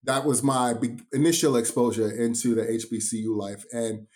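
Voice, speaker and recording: A man's voice: mid-range voice, steady tone, moderate pace, darkish tone. A man from New York, a drumline instructor, telling his story as a guest in a casual podcast interview with enthusiastic emphasis.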